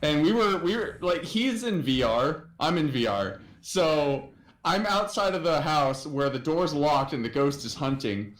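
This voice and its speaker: Animated man in a roomy space. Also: a little high, unhurried. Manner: animated storyteller, acts out others' voices. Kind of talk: casual chat.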